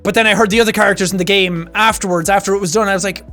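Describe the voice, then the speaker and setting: A young Irish man chatting casually on a stream, animated and quick to laugh. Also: high voice, faint music behind. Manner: animated, chatty, laughs often, slips into character voices.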